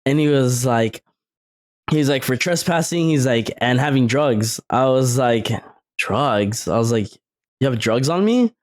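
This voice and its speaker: A young man co-hosting a podcast, telling stories in an animated way and laughing often. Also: mid-range voice, a little slow. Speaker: podcast co-host. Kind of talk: casual chat.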